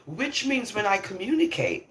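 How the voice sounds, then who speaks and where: An older London woman with a mid-range voice speaks at a moderate pace in a room with noticeable echo. A vlogger delivering an opinionated, casual monologue, she is emphatic and animated and laughs often between points.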